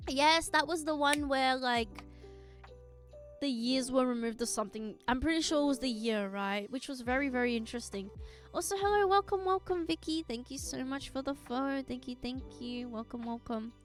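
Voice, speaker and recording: Young woman, live-stream chat, rambling and giggly, fairly high voice, soft music underneath. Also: normal speed. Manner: chatty and rambling, with frequent giggles.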